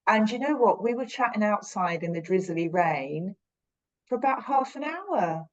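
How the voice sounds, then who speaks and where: A woman's voice: mid-range voice, animated, normal speed. A British woman with a mid-range voice tells a personal story in a chatty, reflective way, wandering and correcting herself as she goes. The recording sounds dull and somewhat lo-fi. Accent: British English. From Britain. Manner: rambling, self-correcting, earnest.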